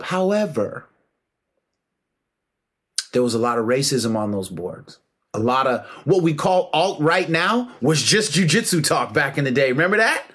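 A man delivering a heated, emphatic monologue with a slightly high voice. He lectures in a preachy, slangy way, pressing his points hard and slipping into mocking asides. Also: fairly bright tone. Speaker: martial arts commentator. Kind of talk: impassioned monologue.

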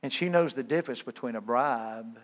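A man's voice: mid-range voice, normal speed. A middle-aged man preaching a sermon as a guest evangelist, folksy and joking with his listeners.

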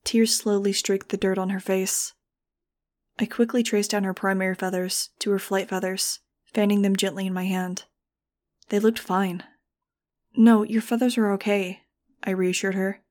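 A woman narrating a novel in the first person with a steady, earnest reading. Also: medium pitch, normal speed. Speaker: audiobook reader.

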